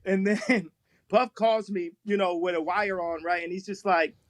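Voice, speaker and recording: A man telling stories in casual talk on a live stream, animated, laughing often and repeating himself. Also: high-pitched, unhurried, dry recording. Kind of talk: casual storytelling.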